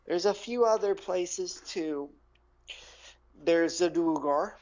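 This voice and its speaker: A man voicing a boastful, rambling male deep gnome who talks in a gruff, slangy drawl, on a dull lo-fi recording. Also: slow pace, a little mellow.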